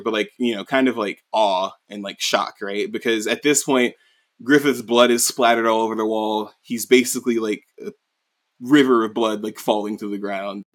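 A man's voice: fairly low pitch, a bit bright. A man casually recapping a story, rambling with lots of fillers and swearing. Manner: profane, rambling, many fillers. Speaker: anime recap host.

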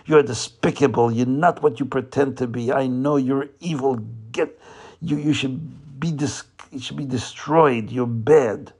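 A man's voice: mid-range voice, a little slow, a little mellow, husky. A man voicing a fearless, righteous male ritual slaughterer in a told story, fiercely denouncing his foes in a raised voice.

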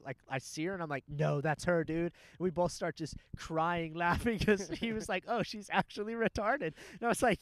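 A man's voice: a little high, no echo. Profane young man telling a rambling story. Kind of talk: casual chat.

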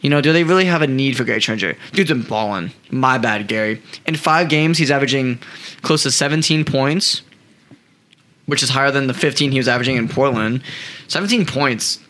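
A man's voice: medium pitch, animated, a little fast, fairly bright tone. A young man hosting a casual sports podcast, enthusiastic and hyping up players he likes. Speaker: podcast host.

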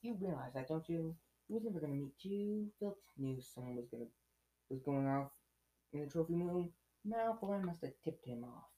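A man's voice: a little high, animated, normal speed, mellow, lightly acted, poor audio. A man voicing a bossy, anxious schoolgirl with an urgent scolding manner in a storybook reading. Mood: hushed.

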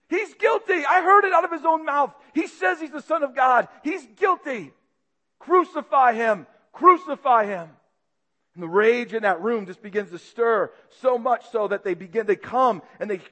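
A man preaching, retelling a story vividly and swinging between loud and hushed passages. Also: high-pitched, big-room sound. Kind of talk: dramatic sermon storytelling.

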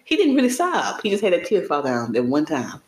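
A woman co-hosting a casual podcast chat, playful and quick to joke. Her voice leaps up and down as she tells stories. The sound rings with a roomy echo. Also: low-pitched. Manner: playful, joking, animated storytelling. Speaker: podcast co-host.

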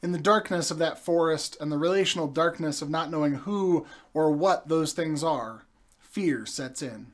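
A young adult man preaching a sermon, telling stories with slow, deliberate pauses. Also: a little high.

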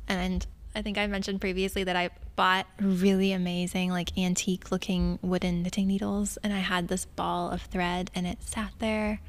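A woman's voice: lowish voice, little pitch movement, normal speed, few pauses. A young adult woman, a librarian, chatting enthusiastically about books with self-mocking humor. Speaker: librarian and podcast host. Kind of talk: casual chat about books.

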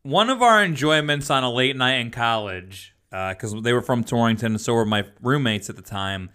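A man's voice: medium pitch, normal speed, smooth. A man co-hosting a podcast, telling a story in casual chat with laughter and mimicry. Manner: laughing, animated storyteller who mimics voices. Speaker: podcast co-host and former teacher.

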